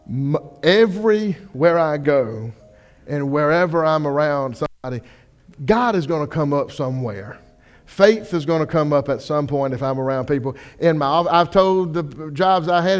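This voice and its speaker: Young pastor preaching a folksy sermon. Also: male voice, on the high side. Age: young adult. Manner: folksy storytelling, animated quoted voices.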